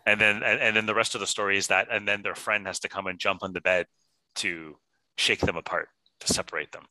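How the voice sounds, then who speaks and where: A man co-hosting a podcast in casual, playful banter, animated and quick to act out silly voices. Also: fairly low pitch, no echo, low-quality recording. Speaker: podcast co-host.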